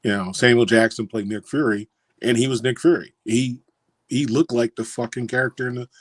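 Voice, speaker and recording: A man's voice: medium pitch, fairly even intonation, brisk, husky, no echo. A man in casual podcast chat, easygoing and agreeable as he chimes in with his own points. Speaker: podcast co-host.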